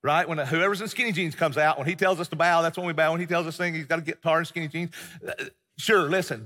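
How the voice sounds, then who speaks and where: Preaching a sermon, a middle-aged male pastor speaks in a high, bright voice that carries with long reverb across the church hall. He talks conversationally, stacking fillers and restarting quickly.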